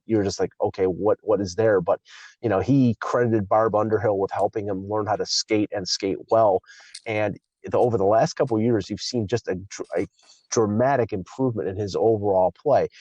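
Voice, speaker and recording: A man's voice: on the low side, a little mellow, no room sound. A man co-hosting a casual hockey talk show, rambling with many restarts as he explains players. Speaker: co-host. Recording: dull lo-fi sound.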